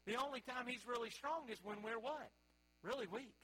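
A man's voice: very high voice, moderate pace, pushed and bright, husky, poor audio. A man, preaching a sermon in a folksy storytelling way and calling out to the congregation. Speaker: pastor.

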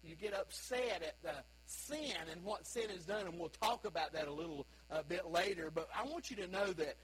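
A man's voice: high-pitched, moderate pace, breathy edge, rough recording. A man preaching a sermon as pastor, emphatic and full of rhetorical questions.

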